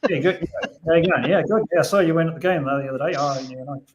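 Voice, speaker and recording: A laconic Kiwi bloke with a broad New Zealand accent swallows his words in clipped, mumbled small talk, as a New Zealand man exaggerates his own accent. The pitch sits a little high. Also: fast talker, dull audio, natural voice. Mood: laid-back.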